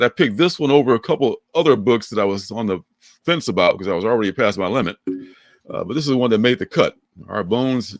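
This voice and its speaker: Older guy on a livestream, lowish voice, bouncy excited delivery, laughs a lot, dry close sound. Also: vocal fry, no room sound. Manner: animated, laughing, rambling. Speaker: livestream co-host. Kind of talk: casual chat.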